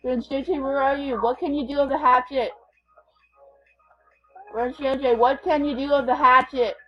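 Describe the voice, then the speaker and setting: A woman's voice: high-pitched, fairly even intonation, normal speed, highs cut off. A woman gamer giving casual, playful commentary as she plays, chatting and thinking aloud. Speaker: gamer vlogger.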